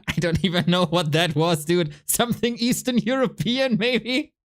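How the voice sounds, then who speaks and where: A woman's voice: on the low side, steady tone, moderate pace. A woman with a German accent, an esports caster chatting casually on a livestream, playful, laughing and swearing often.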